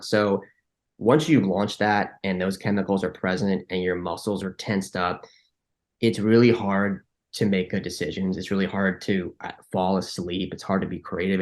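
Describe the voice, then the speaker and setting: A man with a fairly low voice talks through ideas in a relaxed interview. He often restarts his sentences and acts out little bits of inner dialogue along the way. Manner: frequent restarts and filler likes. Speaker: podcast guest. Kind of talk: conversational interview.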